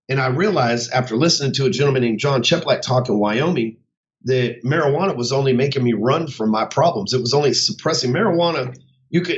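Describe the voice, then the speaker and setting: A man talking off the cuff in his office, blunt, profane and swaggering. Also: mid-range voice. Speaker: host of his own show. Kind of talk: casual unscripted monologue. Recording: dull muffled sound.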